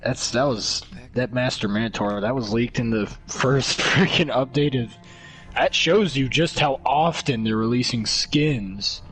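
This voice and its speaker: A young man streaming games and chatting casually, excitable and joking, swinging between whiny pleading and low muttering. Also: a little slow. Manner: excitable, joking, lots of laughter. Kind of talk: casual gaming stream chat.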